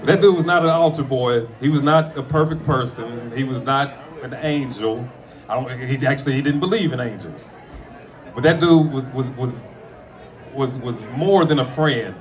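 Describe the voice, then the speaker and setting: A man, a comedian, speaking at a friend's memorial, mixing funny stories with tribute, animated and profane, with sudden shouts. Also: mid-range voice, moderate pace, some chatter behind. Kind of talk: storytelling eulogy with jokes. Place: room with a gathered audience.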